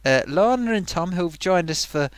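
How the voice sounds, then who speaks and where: A man hosts a live stream and chats casually, rambling from one thing to the next. His voice sits fairly high, and the close mic gives a dry sound with little room. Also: lively intonation, moderate pace, clear, resonant tone, dry recording. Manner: chatty, rambling, laughs often. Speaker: livestream host.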